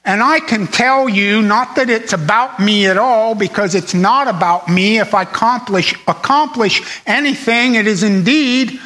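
Male preacher, slow deliberate sermon delivery, bright tone, emphatic repetition. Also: sits high, low-quality recording. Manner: earnest, emphatic, repeats phrases for stress.

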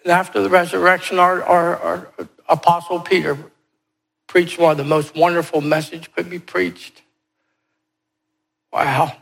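A man's voice: high-pitched, level tone, unhurried, vocal fry, long pauses, fairly bright tone. A man preaching a sermon, emphatic and repeating key phrases as he urges his listeners.

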